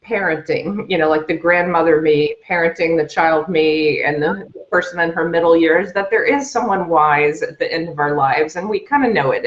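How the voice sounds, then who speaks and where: A woman's voice: deep voice, reverberant, muffled recording. A woman author appearing as a podcast guest, speaking in an earnest, reflective way. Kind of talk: casual chat.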